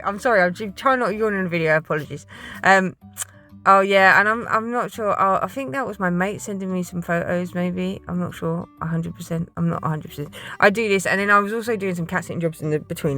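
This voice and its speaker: A woman's voice: fairly low pitch, animated, fast, sharp tone. Chatty woman vlogger talking to camera, wanders off topic and apologises a lot, faint music underneath. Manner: rambling, chatty, keeps apologising. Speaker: puzzle vlogger. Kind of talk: casual chat to camera.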